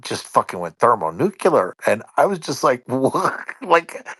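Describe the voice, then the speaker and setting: A man in a casual online voice chat, telling a long story in an animated, profane way. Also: medium pitch, normal speed, breathy edge, dry recording.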